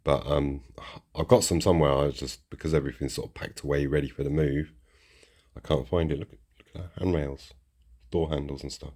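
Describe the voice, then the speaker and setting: Extremely low in pitch, this UK man speaks briskly in a steady, warm, husky tone. He hosts a model railway channel and rambles casually as he unboxes and shows off model trains, restarting sentences along the way.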